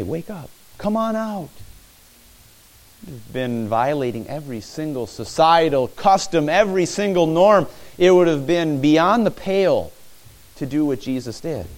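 A man's voice: medium pitch, a little mellow. A man preaching a sermon, retelling a scripture story vividly, asking listeners to picture the scene and repeating phrases for emphasis.

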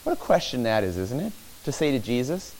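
A man preaching a sermon in church, animated, acting out the disciples' cries as he teaches. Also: medium pitch, a little fast.

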